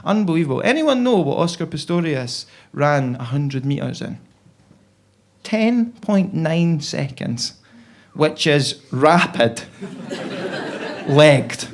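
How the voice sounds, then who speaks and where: A man's voice: fairly high pitch, very animated, slow pace, long pauses. A young Scottish man with a Scottish accent doing a chatty, self-deprecating stand-up set on stage. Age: young adult. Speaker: stand-up comedian. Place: comedy club stage.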